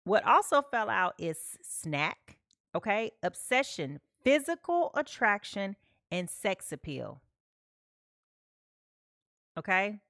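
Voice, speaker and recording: A woman's voice: mid-range voice, sing-song, slow, long pauses, fairly bright tone, no echo, studio quality. A woman giving a live tarot reading, chatty, often checking in with "okay?" and talking to her viewers. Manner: chatty, repeats "okay?" often, talks to chat. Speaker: tarot reader.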